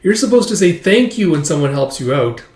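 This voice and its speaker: A man voicing a chatty, bossy young girl in a high, squeaky voice while reading a comic aloud. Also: sing-song, brisk, darkish tone, echoey room.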